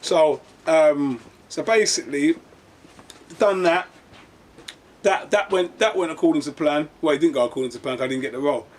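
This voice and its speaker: A man's voice: fairly high pitch, normal speed. A man, an actor chatting casually and telling rambling stories with restarts. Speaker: actor and guest. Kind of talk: casual conversation, storytelling.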